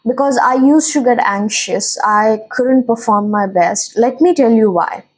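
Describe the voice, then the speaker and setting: A woman's voice: fairly high pitch, a little slow, darkish tone, rough recording. A young woman from India, a tarot reader, talking earnestly and emotionally to her viewers, rambling and correcting herself as she goes. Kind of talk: spiritual channel talk to viewers.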